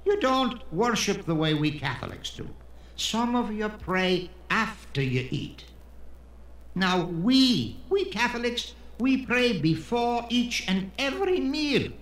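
A man's voice: high-pitched, big pitch swings, slow, a bit bright, roomy sound, voice pushed up, exaggerated voice. A man playing a smug Catholic dinner guest.

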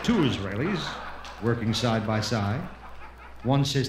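A man doing stand-up, telling jokes as an animated storyteller who keeps slipping into character voices. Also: medium pitch, measured pace. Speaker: comedian. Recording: echoey room, faint background noise.

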